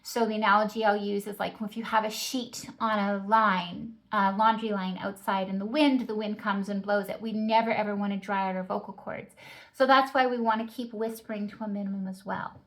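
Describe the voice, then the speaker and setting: A woman's voice: mid-range voice, steady tone, brisk, a bit bright. A woman who teaches early childhood music, explaining singing techniques in a patient, practical way. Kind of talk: instructional talk.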